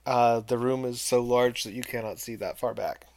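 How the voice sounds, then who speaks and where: A man running a tabletop game as game master, narrating in an unhurried, hesitant way. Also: medium pitch, fairly even intonation, darkish tone, no echo.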